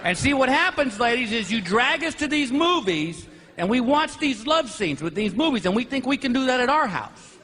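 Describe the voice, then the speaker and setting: High-voiced man doing stand-up. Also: normal speed. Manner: animated storytelling, acts out quoted voices. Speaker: stand-up comedian. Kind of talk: stand-up comedy routine. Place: stage before a laughing audience. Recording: live show with audience noise.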